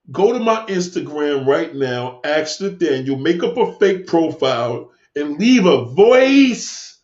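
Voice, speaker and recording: Answering his chat, this livestream host rants and lectures in a high, slightly mellow voice, combative and preachy, cursing freely and going over the same points again. His voice echoes around the room, and the audio is dull and lo-fi.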